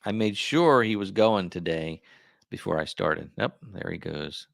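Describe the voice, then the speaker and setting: A man's voice: sits low, animated, measured pace, gravelly, no room sound, studio quality. A middle-aged man hosting a livestream, chatting casually and rambling through his thoughts with plenty of asides. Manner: rambling, musing aloud with many asides. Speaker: livestream host. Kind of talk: casual live chat.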